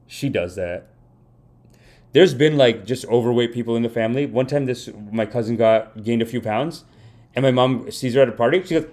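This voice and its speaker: A man's voice: medium pitch, expressive, a little fast, a little mellow. Rambling mock-earnest comedian man. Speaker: podcast host. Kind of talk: comedic livestream monologue. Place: home streaming setup.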